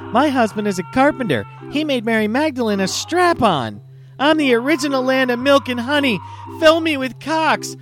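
Man putting on a shrill brazen young woman. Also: expressive, normal speed, fairly bright tone, faint music behind. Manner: shrill falsetto, boastful. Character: crude brash young woman, mocking.

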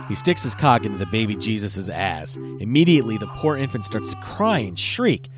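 Profane animated comic podcast host. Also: male voice, on the low side, a little fast, few pauses, music in the background. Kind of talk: casual comedic storytelling.

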